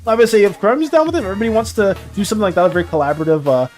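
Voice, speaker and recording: A streamer running a tabletop game and chatting casually on a live stream, rambling and quick to laugh. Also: medium pitch, darkish tone, faint music behind.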